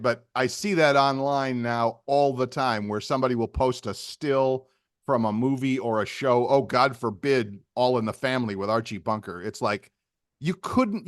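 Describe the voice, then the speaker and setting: A man's voice: medium pitch, a bit bright, no echo, studio quality. An older man co-hosting a podcast in casual chat, joking and poking fun at himself, often repeating his phrases. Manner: jokey, self-deprecating, repeats phrases. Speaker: podcast co-host.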